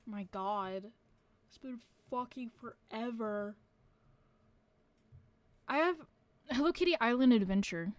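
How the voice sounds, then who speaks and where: A woman's voice: on the high side, takes it slowly, pauses often, no echo. A woman streamer chatting casually to her viewers, rambling with lots of fillers and casual swearing.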